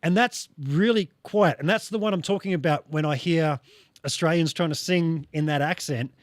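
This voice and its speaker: A male podcast host talks casually with a guest, his voice a little high. He explains his ideas and acts out vocal sounds to show what he means. The sound is close and dry. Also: normal speed, no echo.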